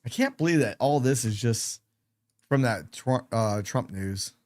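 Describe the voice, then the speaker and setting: A man's voice: medium pitch, lively intonation, unhurried, noisy background. A man hosting a late-night trading livestream, chatting casually and rambling in a self-deprecating way. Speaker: live trading stream host.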